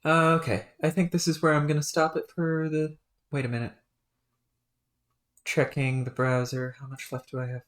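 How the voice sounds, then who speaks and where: A woman streaming a webcomic read-aloud, talking in a relaxed, rambling way with many fillers. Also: sits low, normal speed.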